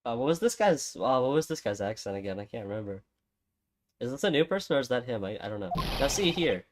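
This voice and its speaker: A man's voice: medium pitch, big pitch swings, quick pace, noisy background. Chatty man commenting while playing. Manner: chatty, self-deprecating, laughs at own mistakes. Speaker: game streamer. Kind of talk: casual let's-play commentary. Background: game music.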